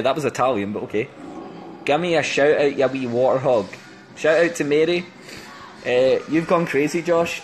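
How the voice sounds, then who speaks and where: A young man from England on a phone live stream, chatting playfully and giggling as he tries out silly accents. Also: medium pitch. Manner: playful, giggly, jumps between joke accents. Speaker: band member hosting a live stream. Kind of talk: casual chat doing silly accents.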